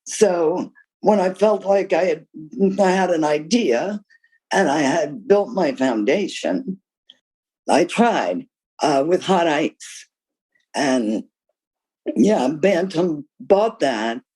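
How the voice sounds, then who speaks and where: In a deep, slightly rough voice and at a slow pace, an older woman, a guest author, recounts her career in lively stories, answering questions candidly and emphatically. The recording quality is low.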